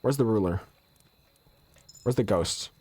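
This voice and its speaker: A man's voice: on the low side, a little slow, dark tone, husky. A man streaming a game and casually chatting with his viewers, with a stuffy, nasal voice from allergies and a loose, joking manner. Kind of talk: casual live-stream chat, answering viewers.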